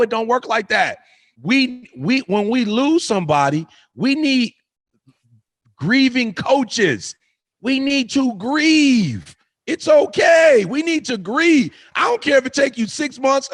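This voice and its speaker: Gravelly, high-pitched man preaching with fervor. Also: fairly bright tone. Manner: preaching cadence, repeats phrases for emphasis. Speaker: motivational speaker. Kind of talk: impassioned motivational talk.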